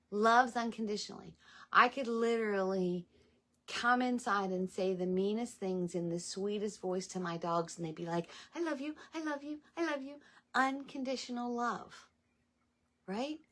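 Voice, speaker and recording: Lowish middle-aged woman chatting to her viewers, lots of ums, wanders off topic. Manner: chatty, meandering, with many ums and asides. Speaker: spiritual channel host. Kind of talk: casual talk to viewers.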